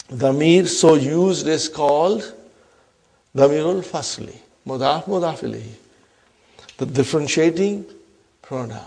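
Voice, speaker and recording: A man with a fairly high voice teaching a grammar lesson to a class. He reads example sentences slowly, repeats key terms, and keeps asking the room whether they follow. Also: vocal fry, darkish tone. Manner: checks understanding with frequent questions.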